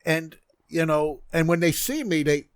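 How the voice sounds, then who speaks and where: Plain-spoken middle-aged man, fairly high. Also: lively intonation, a little slow, clear, resonant tone, no room sound, clean studio sound. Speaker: martial arts instructor, podcast guest. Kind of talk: casual podcast chat.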